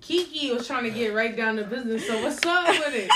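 A woman co-hosts a relaxed podcast, her voice a touch high and full of easy laughter. She talks loosely and playfully. The room is echoey, with a steady noise behind her. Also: fairly quick. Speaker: podcast co-host. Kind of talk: casual chat.

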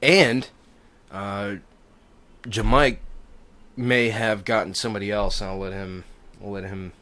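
A man's voice: lowish voice, fairly even intonation, measured pace, sharp tone. A young adult man hosting a podcast in casual chat, rambling and laid-back, swearing now and then. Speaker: podcast host.

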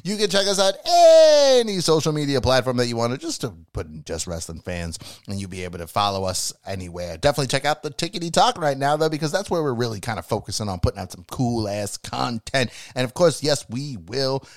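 A man's voice: mid-range voice, no echo. A man co-hosting a podcast in casual chat, talking loosely and swearing now and then. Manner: loose, swearing, lively delivery. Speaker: podcast co-host.

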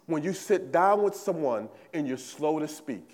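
A man's voice: a little high, animated, a little slow, darkish tone, long reverb tail. A male pastor preaching a sermon in a church, emphatic and repetitive, often checking in with the congregation. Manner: emphatic preaching, repeats phrases, asks "right?" often. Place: church sanctuary.

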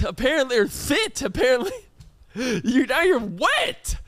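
Young male co-host, ribbing voice, high and bouncy, dry sound. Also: dry recording. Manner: teasing, fast and animated. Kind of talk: casual chat.

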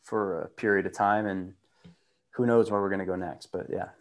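A man from the United States speaking as a guest in a casual chat. His voice sits a little low, and he sounds easygoing and upbeat. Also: steady tone, moderate pace. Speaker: podcast guest.

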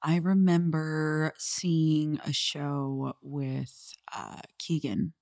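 A woman's voice: low voice, very slow, darkish tone. A young adult woman, a guest in a casual interview, talking loosely with lots of "like" and "um". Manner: filler-heavy, says "like" often.

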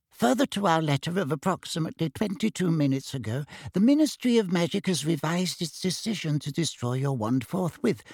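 Casting: stiff bureaucrat reading a letter, gravelly and husky, lively pitch, done by a male reader. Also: no echo, clean studio sound, exaggerated voice. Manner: formal, official letter-reading tone. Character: formal ministry official reading a letter.

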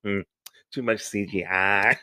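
A man's voice: fairly low pitch, steady tone, a little slow, sharp tone, no room sound, studio quality. A man co-hosting a podcast in casual chat, easygoing, laughing often and giving short agreeing replies. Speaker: podcast co-host.

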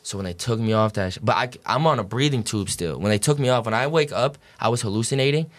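A man's voice: mid-range voice, fast. Profane, rambling young man. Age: young adult. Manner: profane, rambling, full of "like" and "dude". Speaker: podcast guest. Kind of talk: casual storytelling in an interview.

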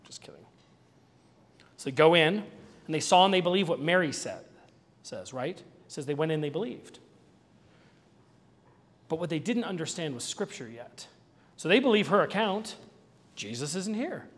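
A male pastor giving an Easter sermon in a conversational, animated way, with asides and small jokes. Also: fairly high pitch, moderate pace, long pauses, in a large hall.

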